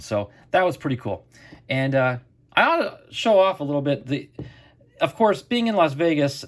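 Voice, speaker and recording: With a mid-range voice, the middle-aged host of a card collecting channel chats to camera while casually telling a story and acting out the quotes.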